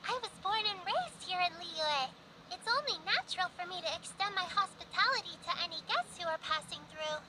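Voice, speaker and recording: A woman voicing a gentle, caring young girl who speaks in an advising, motherly way in a video game. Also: extremely high pitch, very noisy.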